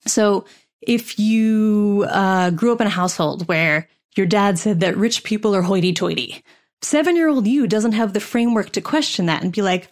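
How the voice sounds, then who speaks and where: Woman actor-coach, frank and profane, mid pitch, motivational talk. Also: normal speed. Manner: candid, profane and wry.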